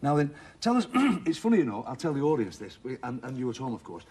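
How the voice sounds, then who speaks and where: A man's voice: medium pitch, very animated, quick pace, dark tone, breathy edge. A man hosting a TV game show, chatting and joking with contestants in a studio. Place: TV studio with a live audience.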